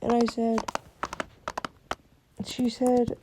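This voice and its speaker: Slow, gravelly young woman. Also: sits high, level tone, warm tone, slight background noise, poor audio. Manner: emotional, rambling with restarts and quoted dialogue. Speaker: vlogger. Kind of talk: personal storytime.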